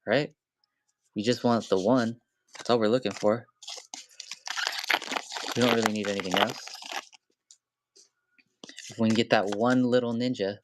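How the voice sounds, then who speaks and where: A young man hosting a live stream, opening card packs and chatting with viewers in a loose, excitable way that turns to yelling and swearing when a pull hits. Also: fairly low pitch. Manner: excitable, swears when thrilled, talks to chat. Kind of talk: casual live-stream chat.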